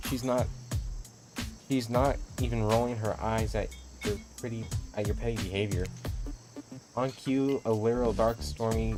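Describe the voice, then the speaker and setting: A man casually reading through a dating game, joking and often correcting himself. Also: mid-range voice. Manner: playful, joking, frequent self-corrections. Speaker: game streamer reading all parts. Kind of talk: casual game playthrough commentary. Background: music.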